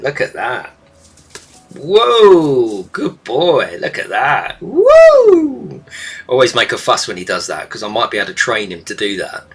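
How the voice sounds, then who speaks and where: With a sharp, husky voice, a gaming YouTuber chats casually and rambles on a live stream from his desk at home. When he turns to his pet bird, he breaks into a high coo. He's recorded on a desk microphone.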